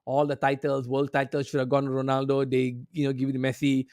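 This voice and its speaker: A man's voice: mid-range voice, completely flat delivery, fast, a little mellow, dry recording, studio quality. A man hosting a football talk show, ranting in a profane, sarcastic way. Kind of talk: heated casual commentary.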